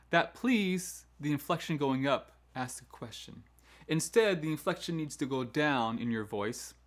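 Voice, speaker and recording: A man's voice: a little high, lively intonation, a little slow. Man teaching classroom management. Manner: demonstrates teacher commands in a firm, downward-inflected voice; conversational, with frequent "right?" asides and restarts. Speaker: choral music education host. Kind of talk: instructional talk on classroom management.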